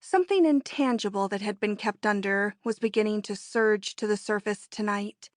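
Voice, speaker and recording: A woman narrating a classic romance novel as an audiobook in a measured storytelling manner. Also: mid-range voice, no room sound, studio quality. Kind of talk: scripted narration.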